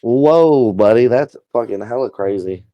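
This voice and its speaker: A man's voice: medium pitch, expressive, measured pace, no room sound, highs cut off. A man co-hosting a crude comedy podcast, talking bluntly and profanely in a laid-back way. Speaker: podcast co-host. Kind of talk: crude casual banter.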